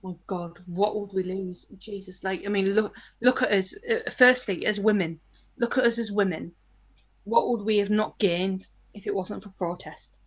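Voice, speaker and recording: A woman argues forcefully and emphatically as a guest on a political panel. Her voice is a mid-pitched woman's voice. The stream audio sounds dull and lo-fi. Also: normal speed, slightly rough. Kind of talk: passionate political discussion.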